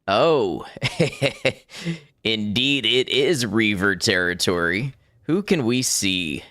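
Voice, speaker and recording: Man, low voice, dry close mic, let's-play commentary, thinking aloud. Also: expressive, very slow, sharp tone, no room sound. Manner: thinking aloud, chuckling often. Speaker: gaming streamer.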